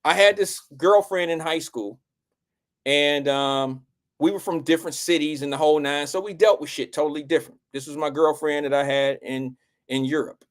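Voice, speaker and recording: A man's voice: on the high side, moderate pace. A young man, telling a personal story to his audience as a show host and acting out the quotes. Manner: animated, acts out quotes with raised voice.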